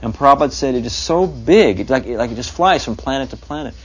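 A man's voice: medium pitch, expressive, fast talker, husky, muffled recording, faint music behind. A man telling rambling, unsure anecdotes about his teacher in a reminiscing interview. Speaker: devotee recalling his teacher.

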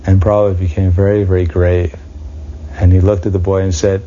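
Male storyteller, low, dark tone, dull lo-fi recording. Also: level tone, fairly quick. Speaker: devotee recounting memories. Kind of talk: anecdotal storytelling.

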